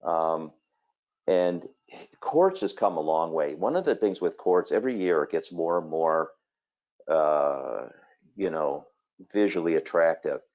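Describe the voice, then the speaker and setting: A kitchen designer giving a conversational webinar presentation, telling stories with plenty of fillers. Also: male voice, extremely low pitch, expressive, measured pace, a little mellow, highs cut off.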